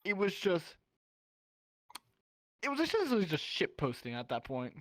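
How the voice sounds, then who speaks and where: Animated, cursing storyteller on a podcast. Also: mid-range voice, normal speed, no room sound. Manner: animated, swearing, acting out quotes. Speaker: podcast guest, roleplayer.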